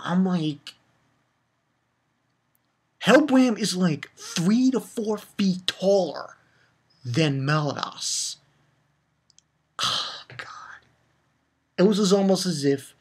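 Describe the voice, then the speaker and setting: A man giving a casual spoken review of a comic chapter, retelling it excitedly with swearing and lots of fillers. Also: on the high side, husky. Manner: excitable, loose and profane, with many fillers. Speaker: manga reviewer.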